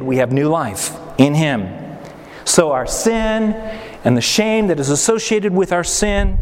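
A man delivers a sermon in a slow, deliberate way, his voice sitting unusually high. He lingers on phrases and briefly acts out the people he quotes. The sound carries a long church reverb with faint noise underneath. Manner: preaching with acted-out quotes and dramatic pauses. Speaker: pastor.

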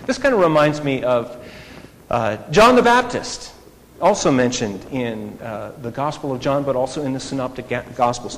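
A man preaching a sermon in an animated, conversational way, full of rhetorical questions. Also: mid-range voice. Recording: echoey hall, faint noise.

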